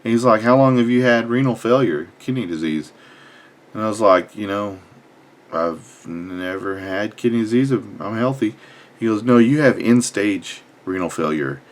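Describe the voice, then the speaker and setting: Young man, blunt and profane, casual vlog storytelling, somewhat low voice. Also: normal speed. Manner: blunt, profane, animated retelling. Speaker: fitness vlogger.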